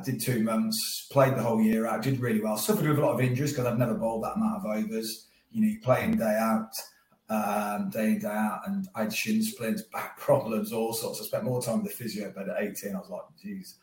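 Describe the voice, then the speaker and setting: A man's voice: on the low side, fairly quick. A man, a guest telling stories in casual chat with frequent laughs. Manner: animated storytelling with frequent laughs. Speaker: guest, former professional cricketer. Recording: roomy echo.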